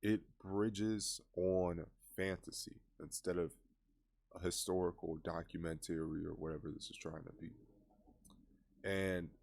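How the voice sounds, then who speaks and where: A man with a deep, gravelly voice gives casual reaction commentary on a trailer. He sounds scoffing and exasperated. The talk is loose and unscripted. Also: level tone, measured pace, darkish tone.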